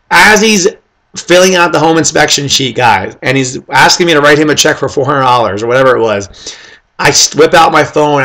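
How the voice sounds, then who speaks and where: A man telling his team casual, animated stories about recruiting people, acting out the conversations and speaking to his listeners directly. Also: medium pitch. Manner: animated, acts out quoted conversations; addresses listeners directly with "okay?" and "guys". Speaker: network marketing team leader.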